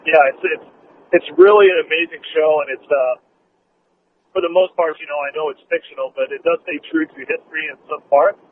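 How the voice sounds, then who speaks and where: A man calling in to a radio show over a tinny phone line with faint hiss. His voice sits a little high, and he talks eagerly, stumbling over fillers. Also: fairly even intonation, a little fast. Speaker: caller. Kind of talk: casual call-in chat.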